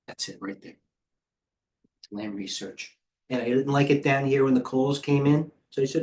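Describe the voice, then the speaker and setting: A man's voice: medium pitch, normal speed, darkish tone, slight background noise. A man, hosting a live trading stream in brash, rambling commentary that reads out chat and lets slip swear words. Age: 50s. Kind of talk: casual live market commentary.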